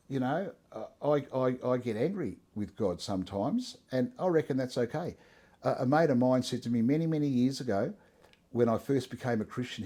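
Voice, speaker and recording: A middle-aged man talks in a warm, mellow voice. He is relaxed and conversational, and he often restarts his sentences. His tone is earnest and his manner is plain. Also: medium pitch. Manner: earnest, conversational, frequent restarts and "you know". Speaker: interviewee sharing his testimony. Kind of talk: casual interview.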